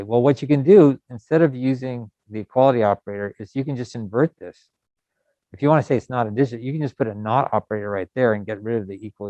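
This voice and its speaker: Male coding instructor, middle-aged, deep mellow voice, loose and rambling delivery, dry lo-fi recording. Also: dry recording. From United States. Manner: relaxed, rambling, many fillers. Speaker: programming instructor. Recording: dull lo-fi sound.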